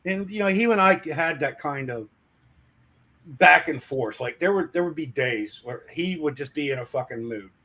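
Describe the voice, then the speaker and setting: Brief: animated man spinning a foul-mouthed shop-floor yarn, slightly high voice. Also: moderate pace. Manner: animated, acts out shouting coworkers. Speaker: streamer telling a work story. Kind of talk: casual storytelling with profanity.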